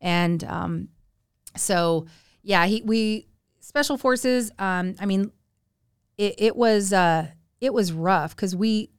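A woman's voice: mid-range voice, slow pace, clean tone, no room sound, clean studio sound. A woman in her forties telling family stories in a casual chat, acting out the people she quotes with big jumps in her voice. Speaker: podcast guest. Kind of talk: casual storytelling.

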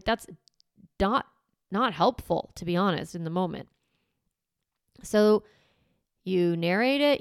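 Give me a woman parenting coach with a slightly creaky voice, talking lively and casual, recorded dry. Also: mid-range voice, no echo. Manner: lively, conversational, repeats steps for emphasis. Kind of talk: podcast coaching talk.

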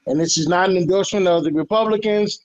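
A man's voice: high voice, quick pace, dull audio. A man from Detroit and Houston, co-hosting a podcast in casual, profane, emphatic chat. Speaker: podcast co-host.

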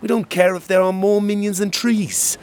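A man voicing a proud, defiant young male fairy who speaks boldly in a raised, higher voice. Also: steady tone, normal speed, a little mellow, a little hiss or hum.

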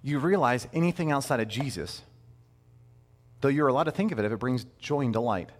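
A man in his thirties preaching a sermon in a conversational, animated way, with playful asides. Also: mid-range voice, fairly quick, long reverb tail. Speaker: pastor.

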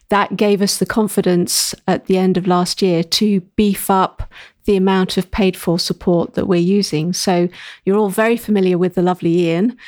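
A woman's voice: medium pitch, darkish tone, no echo, clean studio sound. A woman co-hosting a podcast, chatting in an upbeat, joking way. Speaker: co-host of a local digital community podcast. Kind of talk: casual podcast chat.

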